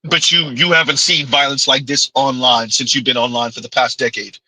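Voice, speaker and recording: A man's voice: medium pitch, fairly even intonation, fairly quick, bright, forceful tone, no echo, rough recording. A man hosting a livestream, giving mocking reaction commentary with sarcastic repetition and frequent laughter. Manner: sarcastic, laughs often, repeats lines in ridicule.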